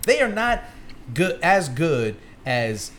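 A man co-hosting a casual podcast chat, animated and swearing, his pitch jumping when he gets excited. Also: slow, a little hiss or hum. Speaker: podcast co-host.

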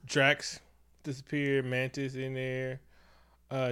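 A man's voice: mid-range voice, little pitch movement, slow, pushed and bright, clean tone. A man retelling a movie's plot in casual, profane chat, jumping into characters' lines as he goes.

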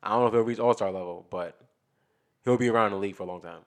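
Low-voiced man in loose sports chat. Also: very fast. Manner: loose, rambling, thinks aloud with restarts. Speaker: podcast co-host. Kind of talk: casual sports talk.

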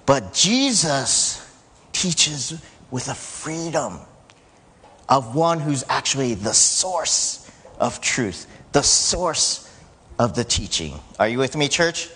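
A man preaching a sermon to his church in a conversational way, rising loud when he quotes. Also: medium pitch, expressive, slow pace, breathy edge. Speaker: pastor. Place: church sanctuary. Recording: church hall reverb.

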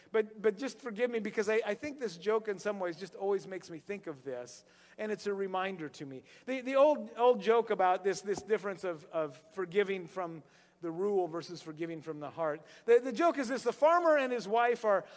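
A man's voice: high-pitched, long reverb tail. A man preaching a sermon as pastor, telling stories loosely and often repeating and restarting words.

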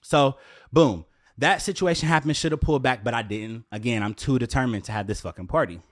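A young man telling a story to his viewers in a casual, profane, animated way, often jumping up into a high exclaiming voice. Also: fairly quick. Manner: profane, slangy, addresses viewers directly.

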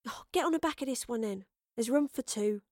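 A woman voicing a bold, sharp-tongued young woman on the run, snappish and bossy in a storybook reading. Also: high voice, steady tone, a little fast, no room sound, clean studio sound, pitched above the performer's own voice, lightly acted. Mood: impatient.

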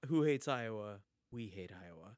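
A man's voice: on the low side, animated, normal speed, darkish tone, no echo, clean studio sound. Exasperated man ranting on a podcast. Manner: exasperated ranting with heavy swearing. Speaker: podcast co-host. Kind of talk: casual chat.

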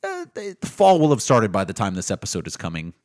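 A man's voice: lowish voice, wildly swooping pitch, fast, no echo, clean studio sound. A man co-hosting a book podcast, chatting casually in a joking, rambling way. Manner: joking, rambling, self-interrupting. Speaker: podcast co-host. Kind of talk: casual chat.

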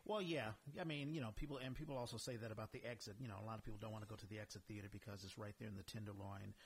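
A man's voice: lowish voice, steady tone, rapid-fire, a little hiss or hum. A man hosting a casual podcast interview, encouraging his guest with frequent affirmations.

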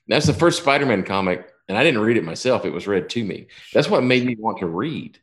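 A man's voice: on the low side, expressive, brisk, hardly any pauses. A man in his fifties telling a long personal story in casual chat, rambling and profane, often restarting his sentences.

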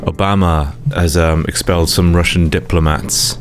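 A man's voice: sits low, steady tone, moderate pace. A man giving a rambling, comedic news rundown, hesitant and full of fillers.

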